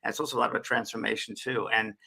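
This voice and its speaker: A man's voice: lowish voice, steady tone, very fast, vocal fry, pushed and bright, slightly rough. A man co-hosting a casual spiritual chat show, musing aloud and often repeating and restarting his words. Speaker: co-host.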